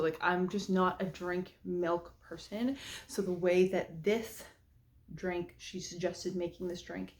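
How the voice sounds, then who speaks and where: A woman, a parent, chatting casually and nervously as she cooks, with many ums and likes. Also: lowish voice. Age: adult parent. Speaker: cooking vlogger. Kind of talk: casual cooking vlog chat.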